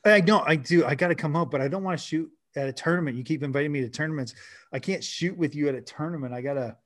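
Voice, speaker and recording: A man's voice: a little high, fast. A man from Canada hosting a casual podcast interview, talking in a rambling, friendly way with frequent restarts. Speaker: podcast host.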